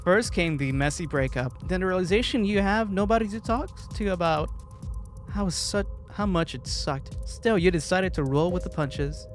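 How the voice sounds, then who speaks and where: A man's voice: sits high, animated, normal speed, soft background music. A man casually reading a visual novel's narration aloud, breaking off for jokes, laughs and stumbles over words.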